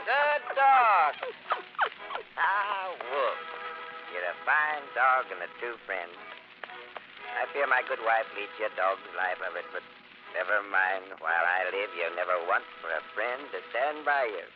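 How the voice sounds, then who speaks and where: A man's voice: fairly low pitch, expressive, normal speed, natural voice. An actor playing a middle-aged, easygoing, drink-loving Dutch villager in 1940s radio acting, jovial and chatty, talking to himself and his dog. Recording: muffled old radio transcription with music.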